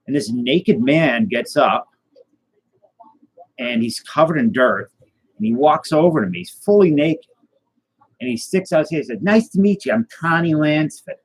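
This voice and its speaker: Husky man rambling a deadpan tall tale. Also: mid-range voice, measured pace, long pauses, low-quality recording. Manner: rambling, deadpan, many fillers and restarts. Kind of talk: casual tall-tale storytelling.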